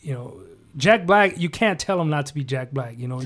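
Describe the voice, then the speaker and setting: A man chatting casually on a podcast, rambling, with quick jokey asides and sentences that trail off quietly. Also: on the high side, expressive. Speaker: podcast co-host. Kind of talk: casual chat.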